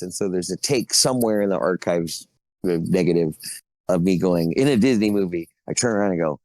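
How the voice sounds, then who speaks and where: A man's voice: low voice, brisk, darkish tone, no echo. A middle-aged man telling long, rambling stories as a guest on a casual podcast. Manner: rambling storyteller, laughs between stories. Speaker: guest actor.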